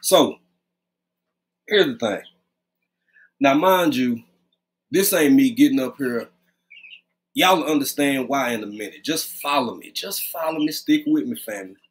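This man's medium-pitched voice is animated yet a little slow, and he pauses often. He's running a casual home live stream, greeting viewers by name in a loose, conversational manner while talking close to his webcam mic.

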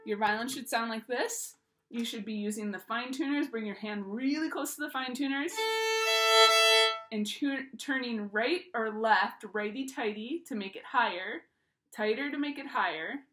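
A woman's voice: a little high, moderate pace, fairly bright tone, soft background music. A woman teaching a recorded violin lesson to her students, giving homework and instructions in a playful, encouraging way.

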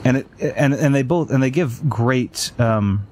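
A let's play host leads a casual gameplay chat, wandering off on tangents with lots of ums and uhs. His medium-pitched voice is a little slow and a little mellow, with a little hiss or hum.

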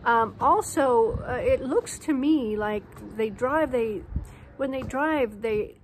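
An American woman chatting casually in a vlog, telling animated stories with plenty of fillers, filmed on a handheld phone at her home terrace. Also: a little high, slow, background noise. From United States. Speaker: vlogger. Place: home terrace in a hill town.

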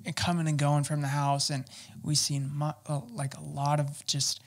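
Appearing as an interview guest, a man recounts his personal testimony haltingly, with many fillers and restarts. His voice is a little high and his delivery completely flat.

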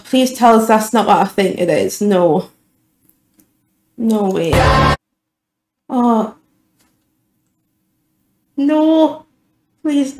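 A woman's voice: medium pitch, echoey room, low-quality recording. A young woman giving an emotional, gushing reaction to a film trailer, stumbling over her words as a YouTube vlogger. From United Kingdom.

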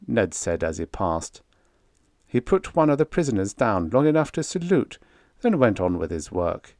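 A man reads a first-person science fiction story aloud in a fairly low voice that moves lively through its lines. His telling is dry and wry. The recording is close and dry, with no room sound. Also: moderate pace, no echo. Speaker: audiobook narrator.

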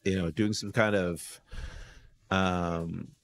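A man's voice: sits low, slow pace. An American man, a lawyer and guest on a podcast, chatting casually and telling stories, restarting sentences with many "you know"s. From United States. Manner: animated storyteller.

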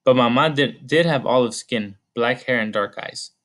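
Man narrating an audiobook, measured. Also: medium pitch, fairly bright tone. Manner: measured storytelling. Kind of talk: scripted narration.

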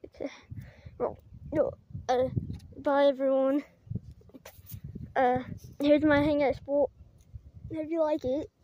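A woman's voice: sits high, little pitch movement, slow pace, pauses often, muffled recording, slight background noise. A woman vlogging outdoors while climbing, rambling with many fillers and giggles, putting on a mock British-Australian accent. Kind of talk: casual rambling vlog.

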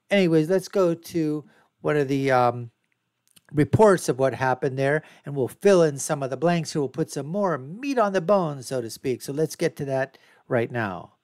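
A man with a fairly high voice delivers scornful, ranting commentary as he talks over news footage. The sound is dry and close, with no room in it. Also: a little mellow, no room sound. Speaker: show host.

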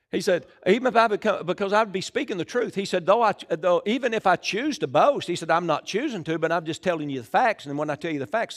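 A middle-aged man delivers a lively sermon in a church. His voice sits a little high, and he calls out to the congregation, moving between loud bursts and hushed asides. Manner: lively preaching with call-and-response, swinging between loud and hushed. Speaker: pastor. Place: church sanctuary.

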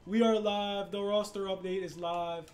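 A young man commenting on a sports video game, hyped and slangy, swinging from shouts to mutters. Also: high-pitched, fairly even intonation, normal speed. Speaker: gaming YouTuber.

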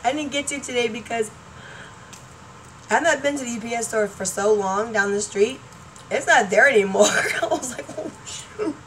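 A middle-aged woman chatting in a rambling, excitable way on her home vlog, laughing often and trailing off mid-thought. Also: fairly high pitch, normal speed, long pauses. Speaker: YouTuber. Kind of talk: rambling casual vlog chat. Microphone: laptop webcam mic. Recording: distant mic, faint room noise.

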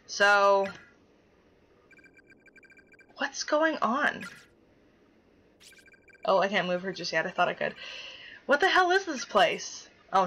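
Animated, bright-voiced woman gamer. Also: medium pitch, poor audio. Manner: chatty, swears casually, reacts loudly and dramatically. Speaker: gaming YouTuber. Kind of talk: let's play, reading game dialogue aloud.

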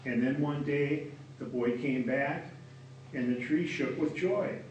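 Male reader, steady story narration, caught from afar in a reverberant room. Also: mid-range voice, slow, muffled recording, a little hiss or hum. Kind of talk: storybook narration read aloud. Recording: echoey room from far off.

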